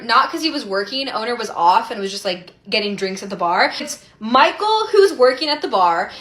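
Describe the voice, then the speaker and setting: Chatty twenty-something woman, high and bright, casual storytime vlog delivery. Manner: chatty and animated, heavy use of "like". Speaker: storyteller in a clip.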